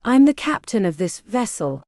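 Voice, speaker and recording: A proud, stern male ship captain who gives curt orders, as a woman reading the audiobook puts him on. His lines swing with lively pitch. The recording is dry and close. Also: normal speed, no room sound, natural voice. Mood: commanding. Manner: curt, authoritative.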